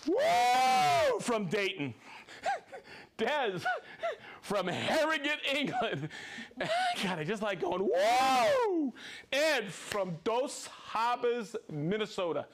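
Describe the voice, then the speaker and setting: A man's voice: high-pitched, big pitch swings, slow pace, a bit bright. A man hosting a livestream, reading out viewer names and hometowns with upbeat cheering and chatty asides. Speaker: livestream host. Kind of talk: reading viewer shout-outs.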